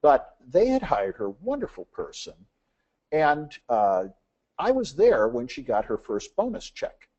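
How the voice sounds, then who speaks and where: A man presenting to business owners, telling stories and acting out both sides of each exchange. His voice is fairly high, warm and slightly husky, and it swings up and down a lot. The audio is dull and lo-fi. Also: huge pitch swings, unhurried. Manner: acts out dialogue in anecdotes, frequent "uh" fillers.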